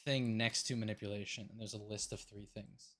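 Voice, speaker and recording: A man's voice: on the low side, steady tone, fairly quick, fairly bright tone. A man running a tabletop game, narrating loosely with lots of fillers and casual swearing. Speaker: game master.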